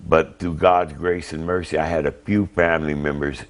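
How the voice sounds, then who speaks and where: An older man, a grandfather, giving halting, emotional answers in a TV interview. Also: rumbling low, steady tone. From Ohio. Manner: plain, halting, retells phone calls.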